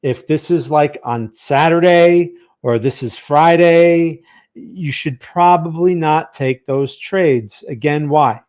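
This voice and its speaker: A man's voice: on the high side, slow pace, darkish tone. Chatty male trading streamer. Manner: chatty, reads viewer chat aloud, asks "right?" often. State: tired. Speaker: trading channel host. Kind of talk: live-streamed market analysis. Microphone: close studio microphone.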